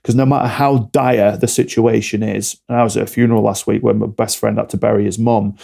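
Blunt man, flat gravelly voice. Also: fairly low pitch, a little fast. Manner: blunt, direct, motivational. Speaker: alcohol-free coach, podcast guest. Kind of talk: podcast interview talk.

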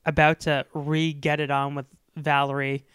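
A man in casual podcast talk, lively and quick to burst into loud, exaggerated quoted lines. His voice is smooth and clean, recorded close in a dry, deadened space. He rambles with fillers and restarts. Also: on the high side, dry recording. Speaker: podcast co-host. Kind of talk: casual chat.

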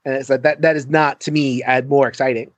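A man giving a frank, halting review of a game during a casual stream chat. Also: mid-range voice, flat delivery, no room sound, highs cut off. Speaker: co-host.

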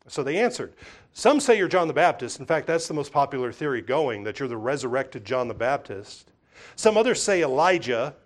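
A middle-aged man delivering a sermon in a church, his voice sitting high and swinging widely in pitch. He builds emphatic rhetorical questions and often repeats his words. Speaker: pastor.

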